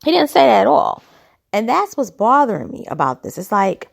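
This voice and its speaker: Gravelly-voiced woman giving skeptical commentary. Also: fairly high pitch, big pitch swings, moderate pace. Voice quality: dry throat. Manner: opinionated, skeptical, rhetorical questions. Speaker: commentary vlogger. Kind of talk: casual commentary monologue.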